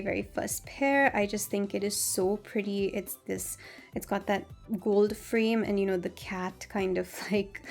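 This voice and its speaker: Woman, beauty vlogger, gravelly voice, gushing casual review, faint background music. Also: mid-range voice, darkish tone. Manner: chatty, gushing, many fillers.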